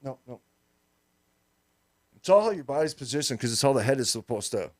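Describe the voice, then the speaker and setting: A man's voice: mid-range voice, a little fast, dry recording. A man co-hosting a radio show, chatting and teasing playfully in the studio and telling stories with lots of energy. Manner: playful, teasing, animated storyteller. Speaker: co-host. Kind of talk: casual chat.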